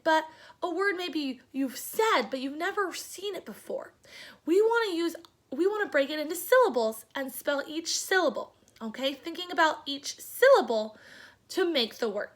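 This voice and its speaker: A young woman teacher giving a phonics lesson to children, sounding words out slowly part by part and encouraging them. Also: extremely high pitch. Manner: slow, sounding out word parts, encouraging.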